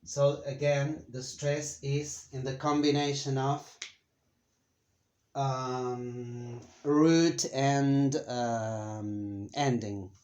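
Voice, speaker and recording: A man teaching a Spanish grammar lesson in English, speaking slowly and deliberately with frequent fillers and pauses. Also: mid-range voice, steady tone, darkish tone. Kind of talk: slow, careful grammar lesson. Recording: echoey room.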